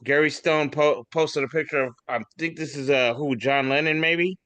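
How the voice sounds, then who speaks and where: A man's voice: on the high side, steady tone, moderate pace, pushed and bright, no room sound. A man co-hosting a casual podcast, reading memes aloud in a rambling, swearing, laughing way. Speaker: podcast co-host.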